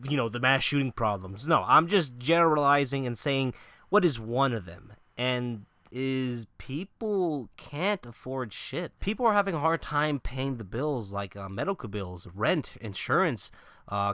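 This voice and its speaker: A man's voice: medium pitch, sharp tone, no room sound, studio quality. A man vlogging about gaming news in a casual, profane rant, mocking the people he disagrees with.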